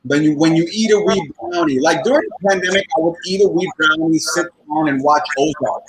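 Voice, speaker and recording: A somewhat high-voiced man doing a rambling stand-up set from home over a computer microphone. He swears freely and keeps breaking into laughter at his own lines. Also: fairly quick, breathy edge, low-quality recording. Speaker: stand-up comedian. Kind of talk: stand-up set on a video call show. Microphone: computer microphone on a video call.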